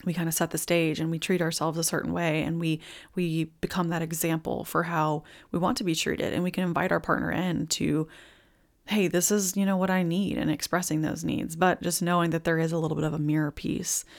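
A young woman hosting a live intuitive reading, talking in a casual, earnest way with many likes and ums, sometimes tearful and dropping into soft whispers. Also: deep voice, level tone, brisk, vocal fry. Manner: warm, earnest, chatty with frequent likes and ums. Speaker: intuitive reader and podcast host. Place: indoors, filming herself on video.

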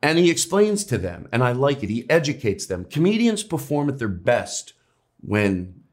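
A male comedian as an interview guest, talking in rambling, animated bursts with restarts and swearing. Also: mid-range voice, moderate pace. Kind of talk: casual interview chat.

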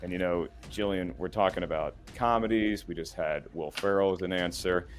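A man's voice: sits low, normal speed, a little hiss or hum. A man hosting a trivia game show, reading questions and counting down with playful, teasing banter.

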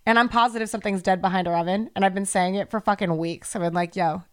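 A woman's voice: medium pitch, steady tone, quick pace, clean tone. A woman co-hosting a podcast, ranting heatedly and swearing freely in casual chat. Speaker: podcast co-host.

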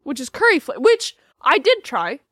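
A woman's voice: high voice, huge pitch swings, normal speed, a bit bright, dry recording, clean studio sound. A young woman co-hosting a casual chat, playful and bickering. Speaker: co-host.

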